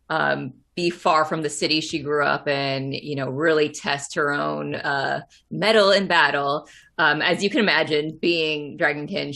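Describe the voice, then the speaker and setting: A woman's voice: low-pitched, creaky, sharp tone. A woman playing in a tabletop game, upbeat and giggly as she describes her character. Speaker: player. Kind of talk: casual chat.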